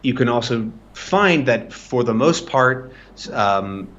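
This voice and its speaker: A language tutor runs a casual live-streamed pronunciation lesson, explaining things loosely and checking in often with "right?" His medium-pitched, fairly bright voice moves slowly with lively intonation, though the audio is dull.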